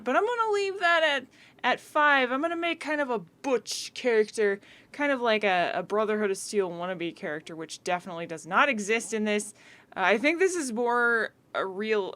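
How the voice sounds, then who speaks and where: A woman's voice: mid-range voice, fairly bright tone. Chatty young woman playing a game. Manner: chatty, rambling, self-correcting, giggly. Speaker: gaming video host. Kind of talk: casual let's-play commentary.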